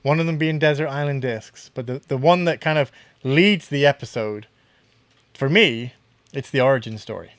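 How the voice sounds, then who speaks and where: A man from Canada co-hosting a casual podcast, enthusiastic and teasing, with quick agreements. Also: mid-range voice, no room sound. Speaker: podcast co-host.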